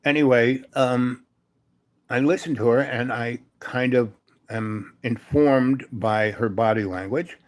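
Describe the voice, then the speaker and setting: Man, older, mid-pitched, live stream monologue, meandering, lots of asides, sometimes hushed. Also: steady tone, slow. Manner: meandering, frequent fillers and asides. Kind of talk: rambling storytelling monologue.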